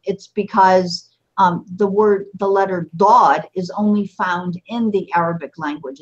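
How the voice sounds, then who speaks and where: Patient woman teaching Arabic, muffled audio. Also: fairly low pitch. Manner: patient, encouraging, repeats phrases slowly. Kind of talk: teaching a beginner language lesson.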